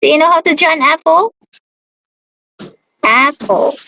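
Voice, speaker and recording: A young woman teaches a beginner English lesson, speaking slowly and patiently and repeating each word. Her voice is high and bright. The sound is dry and close. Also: lively intonation, no echo, low-quality recording. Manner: slow, patient, repeats words, laughs often.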